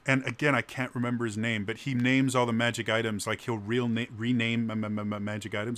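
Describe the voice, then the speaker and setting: A man's voice: medium pitch, little pitch movement, brisk, few pauses, a bit bright, dry recording. A man who runs tabletop games, casually answering questions and talking with a heavy stutter. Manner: heavy stutter, repeated sounds. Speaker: game master.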